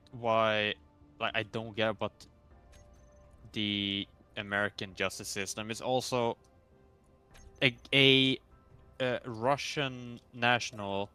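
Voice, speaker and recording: A man chatting while gaming, who talks haltingly with many fillers and restarts as he brings up news. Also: lowish voice, sharp tone, smooth. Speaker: co-player. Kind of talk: casual chat while playing.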